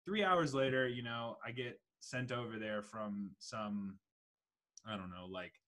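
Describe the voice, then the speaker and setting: A young man, hosting a casual chat and telling an animated story, swearing freely. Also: mid-range voice, measured pace.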